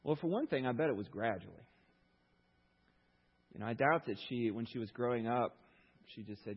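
A male pastor preaching a sermon, retelling a story in an animated way with rhetorical questions. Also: medium pitch, normal speed, long pauses, husky, highs cut off.

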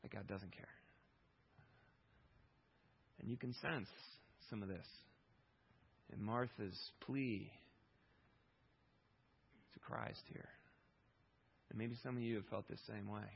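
A man preaching a sermon, moving between loud pleading questions and quiet reflective reading, with a husky voice. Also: fairly low pitch, steady tone, slow, pauses often, dull audio. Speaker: pastor.

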